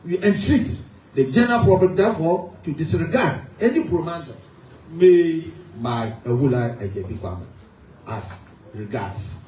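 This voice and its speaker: A man's voice: medium pitch, warm tone, slight background noise. A man with a Ghanaian accent, a traditional authority spokesman delivering a formal, emphatic press statement. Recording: echoey room, mic at a distance.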